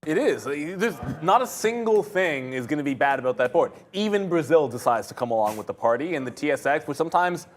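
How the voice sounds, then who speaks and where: A man co-hosting a studio show, talking fast in a breezy, slangy way. His voice sits a bit high. He sums up the day's market casually. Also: animated. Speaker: co-host.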